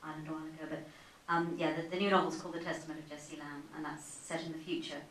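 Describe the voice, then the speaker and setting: A woman author with a low, flat voice answers at a festival Q&A, halting and correcting herself. The sound is roomy and distant. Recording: roomy cinema from far off, faint hiss.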